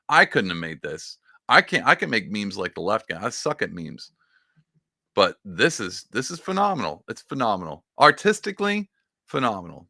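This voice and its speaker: A man's voice: medium pitch, gravelly, no room sound, clean studio sound. A man hosting a political commentary show who talks emphatically and gets fired up. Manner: excitable, emphatic, restarts and fires up. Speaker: podcast host.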